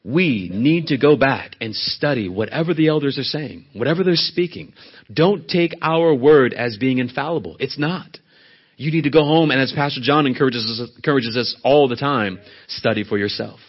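A man's voice: mid-range voice, normal speed, slightly rough, dull audio. A man preaching a sermon as a church elder, pressing hard on key words and then dropping to a near whisper. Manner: emphatic, rising to loud stresses then dropping to a soft hush.

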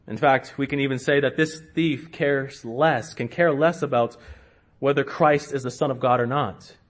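A man preaching a sermon to his congregation, slow and emphatic, with sudden rises in pitch and loudness. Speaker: pastor.

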